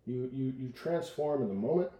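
Man, coach, casual podcast talk, mellow dark voice, roomy sound, set back from the mic. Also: mid-range voice, a little fast. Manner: animated storyteller, acts out voices in quotes.

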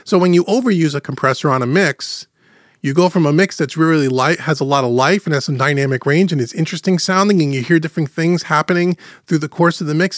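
A male podcast host with a slightly high voice teaches audio mixing in a casual, chatty way, explaining things and slowing down to stress key points. He's recorded close on a studio microphone with gentle compression, dry and with no echo.

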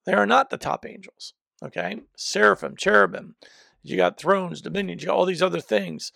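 Gravelly, lively-voiced male preacher. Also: sits high, normal speed, no room sound, studio quality. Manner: emphatic, repeats and restarts phrases. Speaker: preacher and teacher. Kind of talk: teaching sermon. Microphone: microphone.

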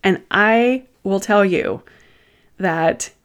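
A woman hosting her own show, sharing a personal story in a thoughtful, candid monologue. She pauses and restarts her sentences, with self-deprecating asides. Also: medium pitch, clean tone. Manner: thoughtful, unhurried, often pausing and restarting. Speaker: host sharing personal experiences.

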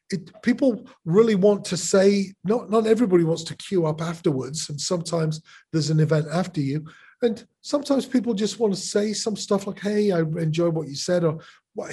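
This is a husky, slightly higher-pitched middle-aged man talking as a guest on a call. He muses out loud, stumbling over repeated words and restarting his thoughts in a loose, conversational way. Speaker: podcast guest, musician. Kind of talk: casual conversational interview.

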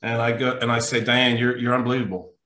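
A coach tells a story with lots of energy, stressing words and acting out the people in it. His voice is bright and forward, and his words ring in an echoey room. His pitch sits at a middle level. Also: quick pace, slight background noise. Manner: lively, emphatic, acts out quotes. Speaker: mental toughness coach, podcast guest. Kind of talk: animated anecdotal storytelling.

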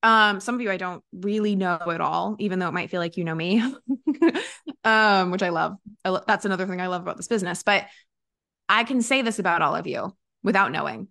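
A woman business coach talking casually and warmly to her audience, laughing often and using many fillers and restarts. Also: lowish voice, a little fast, vocal fry. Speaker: business coach and podcast host. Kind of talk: casual motivational talk to an audience.

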